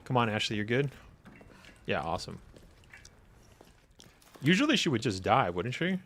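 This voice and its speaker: A young man streaming a game, excitable and laughing often as he talks to the characters on screen and reacts to chat. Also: medium pitch, moderate pace. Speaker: gaming streamer. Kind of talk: casual live-stream commentary. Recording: clear background noise.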